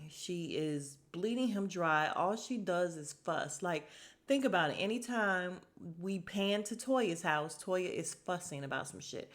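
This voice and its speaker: A woman hosting a podcast, chatting casually as she recaps a reality show, acting out what people said and dropping to a whisper for sad moments. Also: deep voice.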